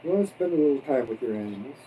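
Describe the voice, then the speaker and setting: A man's voice: medium pitch, expressive, rapid-fire, recorded from a distance, dull audio, a little hiss or hum. Chatty man eating on a livestream. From abroad, expat. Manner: chatty, joking, eating while talking. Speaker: livestream host. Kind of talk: casual mukbang chat. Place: home in the Philippines.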